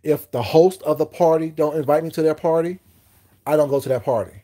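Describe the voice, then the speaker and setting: Man, livestream host, casual rambling chat, repetitive, dark, husky. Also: fairly high pitch, a little fast. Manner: rambling, repetitive, with frequent "you know what I'm saying".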